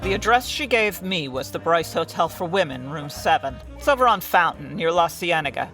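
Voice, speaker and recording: An actor playing a blunt, tactless 1950s client who talks in brisk old-fashioned detective-story phrases, in a comedy audio drama. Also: mid-range voice, animated, over music, lightly acted, rough recording.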